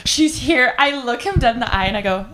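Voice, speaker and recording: A young woman co-hosting a podcast, giggling as she excitedly recounts a story. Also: on the high side, a little fast, a loud crowd. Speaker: podcast co-host. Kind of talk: casual storytelling chat.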